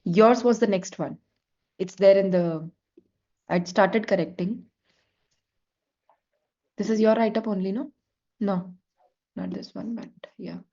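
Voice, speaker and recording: A woman's voice: mid-range voice, slow pace, pauses often, dark tone. Patient woman teaching a French class online. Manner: patient, explains step by step, slips between English and French. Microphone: video call. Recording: slightly dull lo-fi call audio.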